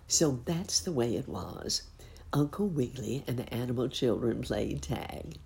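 Low-voiced woman reading a children's story. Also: a little slow, vocal fry. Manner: gentle, expressive. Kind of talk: storybook read-aloud.

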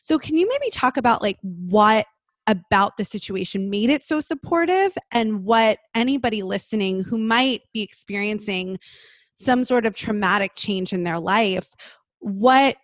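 A woman's voice: medium pitch, expressive, measured pace, no room sound. A woman hosting an interview, asking long, rambling questions full of fillers. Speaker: podcast host.

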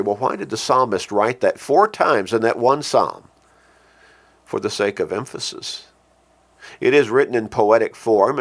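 A man preaching a sermon who speaks earnestly, repeats key phrases for emphasis, and slows down with a lifted voice when he quotes scripture. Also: mid-range voice, creaky. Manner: slows and lifts his voice when quoting scripture.

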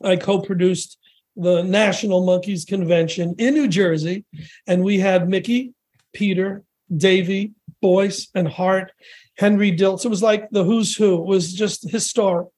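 A man in his sixties, a podcast guest, telling rambling, animated anecdotes with restarts and quoted voices. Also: high-pitched, a little slow. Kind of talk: casual storytelling interview.

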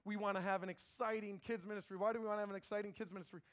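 A middle-aged male pastor preaching a sermon in a conversational, animated way, often repeating words as he starts phrases. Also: high-pitched, racing.

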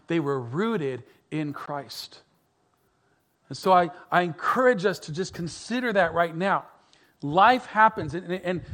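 A middle-aged male pastor preaching a sermon earnestly, repeating words, building to emphatic peaks and dropping to soft, quiet lines. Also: fairly high pitch.

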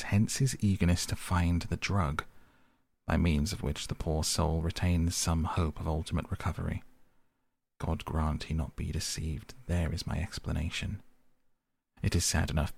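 A man voicing a reasoning middle-aged male lawyer who speaks in formal, deliberate Victorian diction. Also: low voice, vocal fry, a little mellow, dry recording.

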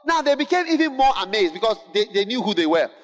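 Man, high-pitched, preaching with fervour, repeats and shouts, echoing hall. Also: big pitch swings, quick pace. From Ghana. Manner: emphatic, repetitive, building to shouts, call-and-response. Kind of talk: sermon. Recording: long hall reverb.

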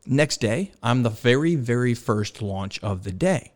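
A man's voice: mid-range voice, expressive, measured pace. A man hosting a casual podcast chat, telling a story about learning to land on a carrier, acting out quoted dialogue and laughing often. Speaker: podcast host, former carrier pilot.

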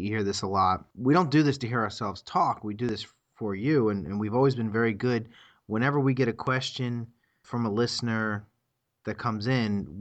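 Low-voiced man on dull lo-fi audio. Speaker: podcast co-host. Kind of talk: casual podcast chat.

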